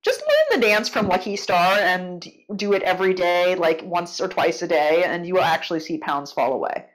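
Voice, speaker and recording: A woman's voice: on the low side, sing-song, moderate pace. A woman from the United States co-hosting a casual podcast, playful, laughing and swearing often. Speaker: podcast co-host.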